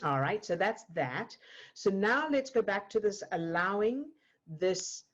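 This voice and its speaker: A woman guiding a client through an emotional coaching exercise, gentle and explaining step by step. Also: mid-range voice, lively intonation, a little slow, highs cut off. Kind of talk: live online coaching session. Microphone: video call.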